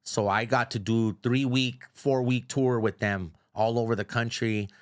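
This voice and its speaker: A middle-aged man, a radio host, telling stories as a guest in a casual, profane, animated way, often saying "bro.". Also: mid-range voice, measured pace. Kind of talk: casual storytelling.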